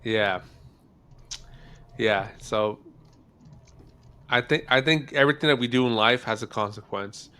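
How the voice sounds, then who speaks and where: A man hosting a casual podcast chat, musing aloud in a halting, hesitant way. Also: medium pitch, bright, forceful tone, smooth. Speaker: podcast host.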